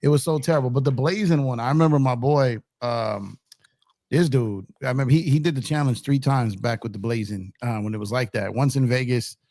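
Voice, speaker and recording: Co-hosting a podcast, this man chats casually at a fairly quick pace, relaxed and joking with plenty of slang. His mid-range voice is a little mellow, recorded dry in clean studio conditions.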